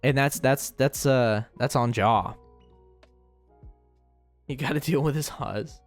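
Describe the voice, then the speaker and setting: A man's voice: mid-range voice, takes it slowly, faint music behind. A young man streamer in casual chat, rambling and joking, often stumbling and repeating words.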